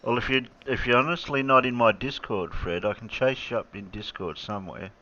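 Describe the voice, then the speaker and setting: A man with an Australian accent hosting a casual livestream chat, relaxed and chuckling, often tripping over his words. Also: mid-range voice, a little fast, lo-fi sound. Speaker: livestream host.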